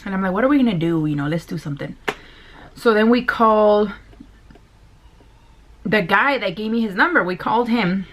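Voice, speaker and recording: A woman's voice: mid-range voice, lively intonation, moderate pace, long pauses, a little hiss or hum. A young woman from Mexico telling a rambling, casual story while eating, swearing freely and laughing now and then. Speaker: vlogger.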